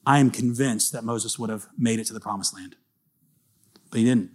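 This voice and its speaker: A male pastor preaching a sermon in a conversational, animated storytelling manner. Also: lowish voice, normal speed.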